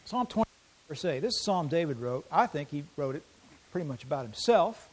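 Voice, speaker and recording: A man preaching a sermon, reading scripture aloud slowly and swinging between loud emphasis and quiet intensity. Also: on the high side, very animated, poor audio. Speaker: pastor.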